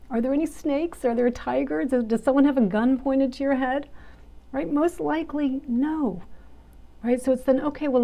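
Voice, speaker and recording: A woman teaching a meditation class with a mellow, somewhat high voice. She talks conversationally, tagging her points with "right?". At times she drops into gentle, near-whispered asides. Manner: conversational, frequent "right?" tags, soft soothing whispered asides.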